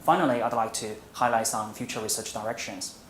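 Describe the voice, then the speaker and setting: A man's voice: lowish voice, steady tone, fairly bright tone. Man giving a lecture in a roomy hall. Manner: measured, with frequent "uh" and restarts. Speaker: visiting academic speaker. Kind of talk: academic presentation. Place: university lecture room. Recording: roomy hall sound, faint hum.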